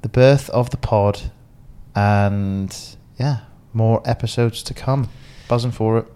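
A man's voice: fairly low pitch, steady tone, slow, mellow, smooth. A man co-hosting a podcast, telling stories in loose, slangy casual chat with some swearing. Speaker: podcast co-host.

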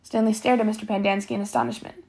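A woman reading a novel aloud, steady, sometimes stumbling and correcting herself. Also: fairly high pitch, racing, gravelly. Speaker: reader.

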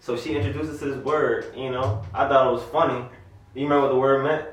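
A man's voice: mid-range voice, steady tone, quick pace, far from the mic. Young man laughing through a story, echoey room. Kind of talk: casual chat among friends.

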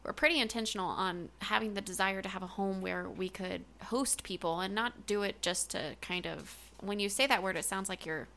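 A woman as giggly podcast co-host, bright tone with vocal fry. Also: mid-range voice, brisk, hardly any pauses. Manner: giggly, chatty. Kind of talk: casual chat.

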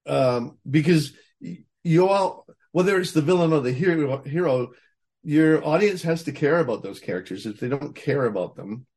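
A man's voice: fairly high pitch, animated, moderate pace, darkish tone, husky. A man, a voice actor being interviewed, talks in a rambling, casual way with many restarts and frequent laughter. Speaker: voice actor guest.

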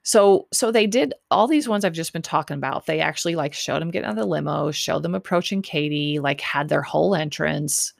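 A woman's voice: low voice, fairly quick, vocal fry, hardly any pauses, no echo, studio quality. A woman hosting a podcast, recapping a show in a rambling, chatty way with lots of fillers and repeated words. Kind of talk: casual chat.

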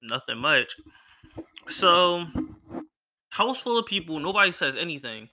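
A young man from Philadelphia telling a personal story in a casual, animated way and acting out the people he quotes. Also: a little high, measured pace. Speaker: podcast host.

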